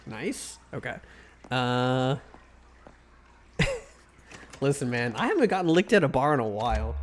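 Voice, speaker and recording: A man's voice: mid-range voice, very animated, moderate pace, long pauses, slight background noise. A man streaming a video game live, giving casual commentary, joking and swearing as he talks back to the game.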